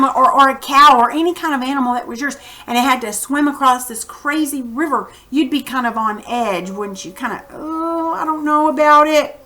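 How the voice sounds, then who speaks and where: A slightly high female voice, with a little hiss or hum in the background, teaches kids to read in a lesson recorded on a computer microphone. Her delivery is animated, and she acts out each quoted line.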